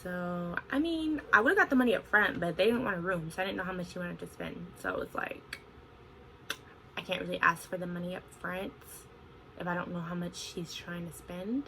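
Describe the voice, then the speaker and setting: Young woman vlogger, bright tone, animated storytime delivery, faint room hum. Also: fairly low pitch, moderate pace, poor audio. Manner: animated, expressive retelling with frequent "like". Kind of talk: casual storytime vlog.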